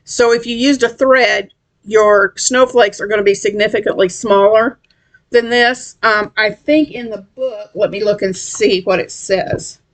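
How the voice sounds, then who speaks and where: A woman's voice: mid-range voice, steady tone, measured pace. Chatty woman crochet vlogger. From West Tennessee, USA. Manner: rambling, chatty, many ums and restarts while checking her work. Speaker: crochet channel host. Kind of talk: casual craft vlog chat.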